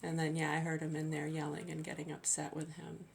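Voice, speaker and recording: A woman's voice: low-pitched, monotone, brisk, gravelly. A middle-aged woman, a mother, talking in a rambling, aggrieved monologue full of restarts and swearing. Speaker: mother venting.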